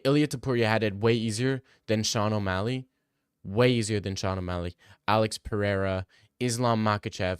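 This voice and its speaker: A man's voice: lowish voice, clear, resonant tone, no room sound, studio quality. A man hosting a casual livestream Q&A, arguing bluntly with chat and swearing freely. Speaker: livestream host answering chat.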